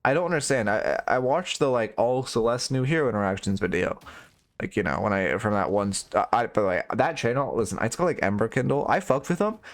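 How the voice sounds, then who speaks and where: A man's voice: mid-range voice, expressive, fast. A young man streaming and coaching a game, rambling through frank, profane critique in casual commentary.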